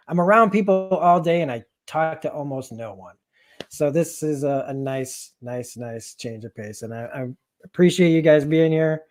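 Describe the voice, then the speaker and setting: A man hosting a casual year-in-review livestream, talking in a relaxed, rambling, self-deprecating way. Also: on the high side. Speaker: livestream host. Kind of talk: casual chat.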